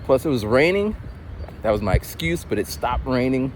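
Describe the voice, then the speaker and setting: A man walks down a city street and talks to his phone camera in a loose, storytelling way. His pitch swings up and down a lot. Clear traffic and street noise run under his voice. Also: normal speed. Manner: chatty, storytelling, animated. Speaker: vlogger. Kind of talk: casual vlog monologue.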